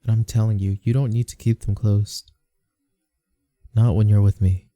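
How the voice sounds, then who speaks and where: A man voicing a gentle, devoted boyfriend in a whispered role-play, speaking in a soft, pleading and apologetic way. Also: on the low side, little pitch movement, moderate pace, dry recording, clean studio sound, lightly acted. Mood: tender. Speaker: comforting boyfriend.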